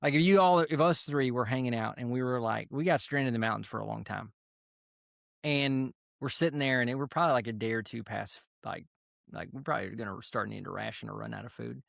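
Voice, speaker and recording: Army vet guy on a podcast, gravelly voice, calm storytelling, dry close mic. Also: mid-range voice, no echo. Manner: calm, unhurried storyteller with fillers. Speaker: podcast guest, army veteran. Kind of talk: casual storytelling interview.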